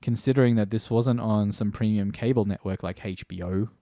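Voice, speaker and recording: A man's voice: fairly low pitch, fairly even intonation, brisk, dark tone, no echo, clean studio sound. A man reviewing a TV series in a rambling, stream-of-consciousness way, swearing casually and often restarting sentences. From Australia.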